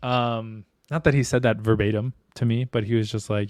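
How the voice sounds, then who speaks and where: A man's voice: fairly low pitch, steady tone, normal speed, a little mellow, no room sound. A man co-hosting a podcast, talking candidly in casual slang and swearing freely. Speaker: podcast co-host.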